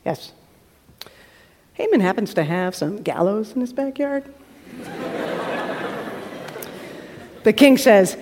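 A woman preacher retelling a story in a lively sermon, acting out the characters and dropping to a hush at tense moments. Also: medium pitch, measured pace, long pauses, slight background noise. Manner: acts out the characters with shifting voices, drops to hushed tones. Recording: hall reverb from a live talk.

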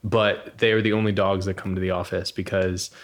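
A man hosting a podcast interview who speaks in a measured, hesitant way with frequent fillers. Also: low-pitched, level tone. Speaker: podcast host. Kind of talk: casual interview.

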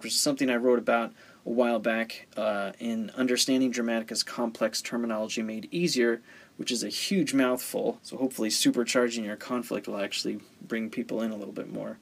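A man's voice: on the low side, breathy edge. A man teaching story structure in a conversational way, often asking rhetorical questions. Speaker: writing teacher. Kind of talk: explaining story theory.

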